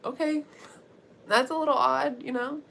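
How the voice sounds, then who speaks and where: A woman's voice: high voice, fairly even intonation, normal speed, creaky, fairly bright tone, voice pushed up, full character voice. A woman voicing a sassy, unbothered young woman friend in a raised, offhand tone.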